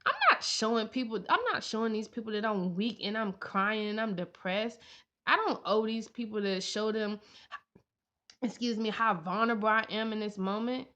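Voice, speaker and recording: A woman's voice: medium pitch, normal speed, pushed and bright. A young woman vlogging in an earnest, heartfelt way, repeating her lines for emphasis. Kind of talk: personal vlog talk. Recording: dull lo-fi sound.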